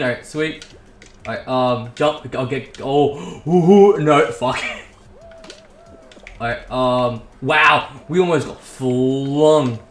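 Gamer man, unhurried, excitable and sweary; echoey room, faint hiss. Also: mid-range voice. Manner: excitable, swears and laughs, talks to himself. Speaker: gaming YouTuber. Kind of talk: casual gameplay commentary.

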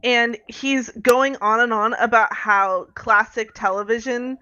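Animated, laughing female podcast co-host. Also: a little high, measured pace, dull audio. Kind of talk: casual chat about a TV show.

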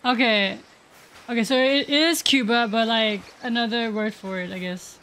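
A woman streamer giving casual, excitable reaction commentary on a game, swearing and laughing often. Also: fairly high pitch, moderate pace, a little hiss or hum. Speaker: gaming streamer. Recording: background music under voice. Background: background music.

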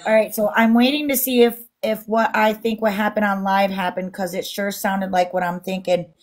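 A woman's voice: mid-range voice, level tone, normal speed, soft background music. A woman co-hosting a casual livestream, reading viewer comments aloud in an indignant tone. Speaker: livestream co-host. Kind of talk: casual live-stream chat.

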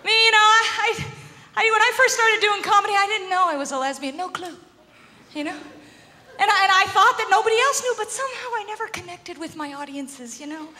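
A woman from Canada doing a stand-up comedy set, animated and laughing often as she acts out little voices. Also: very high-pitched, a little fast. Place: comedy club stage before a live audience. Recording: live hall recording with crowd noise.

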